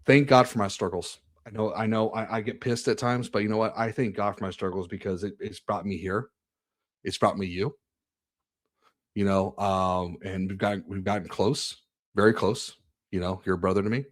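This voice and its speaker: Earnest, halting low-voiced man. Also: fairly even intonation. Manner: earnest, halting, many restarts and repeated words. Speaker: podcast host being interviewed. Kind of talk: candid personal conversation about faith.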